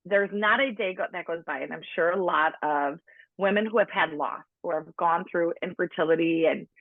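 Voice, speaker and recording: Husky-voiced woman in her late thirties on a phone line. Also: on the low side, no room sound. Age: late 30s. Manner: chatty, lots of "like", acts out quoted people. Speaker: podcast guest. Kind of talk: personal storytelling in conversation. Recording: tinny phone-line sound, dry.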